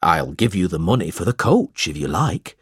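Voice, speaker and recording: A man's voice: deep voice, big pitch swings, normal speed, a bit bright, husky, dry recording, clean studio sound, voice pushed down, full character voice. A man voicing a hearty, kind-hearted friend in a storybook reading.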